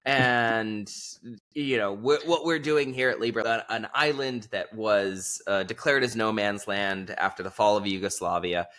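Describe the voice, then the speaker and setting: A man as an interview guest, telling a rambling, animated story in casual conversation and leaning on lots of filler words. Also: on the low side, unhurried.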